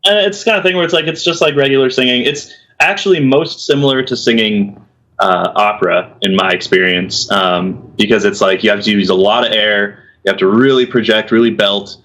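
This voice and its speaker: A man's voice: fairly low pitch, a little fast, rough recording. A young man, a metal singer, chatting casually as a guest and explaining technique with lots of fillers and restarts. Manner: relaxed, many fillers and restarts, laughs easily. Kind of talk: casual chat.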